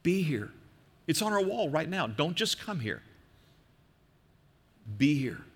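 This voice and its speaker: An older man, a pastor from the American Midwest, preaching an earnest sermon that slows and softens for emphasis. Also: fairly high pitch, very animated, husky, big-room sound.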